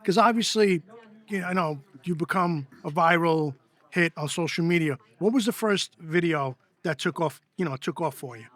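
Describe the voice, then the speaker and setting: High-voiced man interviewing casually. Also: moderate pace, a bit bright. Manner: chatty, leading questions, agrees often. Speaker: producer, interviewer.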